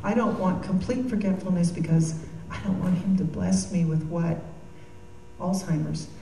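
A Christian speaker gives a heartfelt, earnest devotional talk sprinkled with joking asides. Her voice is mellow and on the low side at a moderate pace, recorded from a distance in an echoey room.

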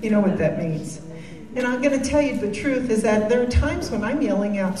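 A woman's voice: on the high side, expressive, fairly quick, mellow. A woman giving a devotional talk, earnest and heartfelt, with joking asides. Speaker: Christian speaker. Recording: echoey room from a distance.

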